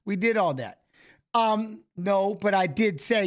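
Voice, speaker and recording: Middle-aged male co-host, high-pitched, casual, swears and restarts a lot. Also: unhurried. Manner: animated storytelling, swearing, restarts. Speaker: co-host of a fight preview show. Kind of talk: casual chat.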